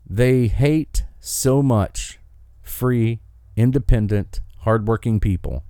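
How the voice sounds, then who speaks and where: A man's voice: lowish voice, mellow, clean tone, no room sound, studio quality. A man hosting an opinion podcast, delivering an angry, emphatic rant. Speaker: commentary host.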